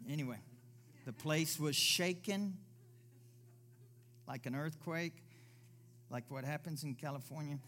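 At a church service, a man with a slightly higher-than-average male voice preaches emphatically, piling up rhetorical questions and answering them himself. He takes on other voices to act out the people he quotes, with slight background noise.

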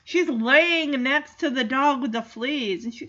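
A woman's voice: sits high, a little slow, hardly any pauses, a bit bright, dull audio. A woman giving a casual, chatty movie recap, reacting as she goes and leaning on "like" a lot. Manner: chatty, reactive, heavy use of "like".

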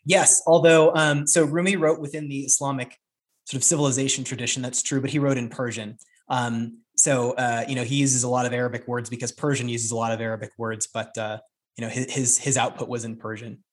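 A man's voice: medium pitch, flat delivery, a little fast. A man, a professor and amateur poet, explaining things thoughtfully in a radio interview, with frequent fillers.

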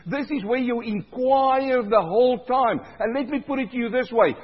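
A male pastor preaching a sermon, swinging between loud cries and low, quiet stretches, with a husky voice. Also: normal speed, in a large hall, dull audio.

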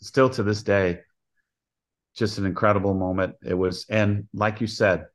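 An older man, a college softball coach, telling stories in an interview with an earnest manner, acting out the voices of people he quotes. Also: lowish voice, level tone, normal speed. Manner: earnest storyteller who acts out quoted dialogue. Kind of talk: storytelling interview.

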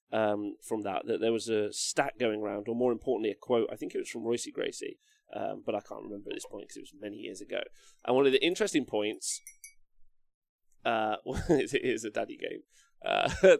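A man's voice: on the low side, brisk, creaky, dry recording, clean studio sound. A young man hosting a casual livestream, rambling, reading chat comments aloud and swearing freely. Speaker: livestream host.

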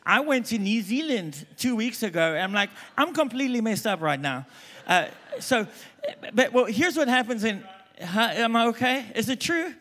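A middle-aged man from South Africa with a South African accent blended with American, preaching an emphatic sermon that swings between loud calls and quiet asides. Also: extremely high pitch, animated, moderate pace. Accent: South African, mixed with American.

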